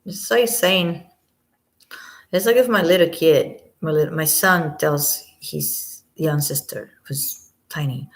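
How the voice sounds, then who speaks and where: A woman giving casual commentary on an audio clip, rambling and sometimes dropping to a quiet near-whisper. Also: sits low, measured pace.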